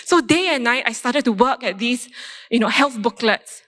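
A woman, a doctor giving a faith testimony and telling her story in a lively way, acting out her own reactions. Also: a little high, moderate pace. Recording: long reverb in a large hall.

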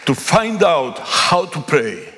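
A middle-aged man from Greece with a Greek accent, preaching a sermon and telling a story with emphatic, animated delivery. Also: fairly high pitch, slow, a faint crowd. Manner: animated, emphatic, acts out dialogue. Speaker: pastor. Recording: echoey hall.

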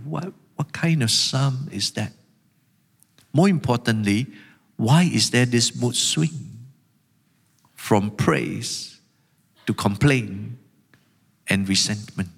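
A man's voice: mid-range voice, animated, slow pace, gravelly, pauses often, a bit bright, husky. A man preaching a sermon as pastor, voicing the psalmist's complaints with emphatic, rising intensity. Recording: long hall reverb.

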